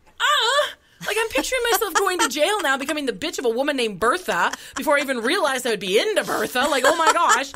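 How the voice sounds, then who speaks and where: A woman's voice: high voice, quick pace. A woman in her forties, a podcast co-host telling funny stories in a casual chat and acting out the voices. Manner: animated comic storyteller, acts out voices.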